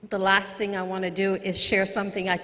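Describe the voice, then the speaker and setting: A woman's voice: mid-range voice, monotone, brisk, bright, forceful tone. A woman, a mother, giving an earnest storytelling speech at an award ceremony in a large event hall, speaking into a podium microphone. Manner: earnest, storytelling, occasional restarts. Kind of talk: heartfelt public speech. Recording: long hall reverb.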